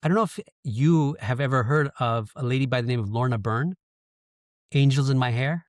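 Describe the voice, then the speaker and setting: Casting: man in his thirties from Canada, candid podcast guest, mid pitch, dry close sound. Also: moderate pace, no echo. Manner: candid, emotional storytelling with frequent swearing. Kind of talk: casual storytelling interview.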